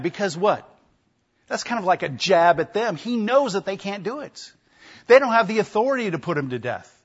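A man delivers an emphatic sermon, driving points home with repetition and rhetorical questions. His voice sits a little high and carries a husky, breathy edge. The recording sounds dull and lo-fi. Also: big pitch swings, moderate pace. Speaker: preacher.

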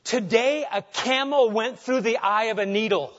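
A man preaching a sermon with emphasis, dropping soft on key phrases and rising when animated. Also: extremely high pitch, moderate pace, muffled recording. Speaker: pastor.

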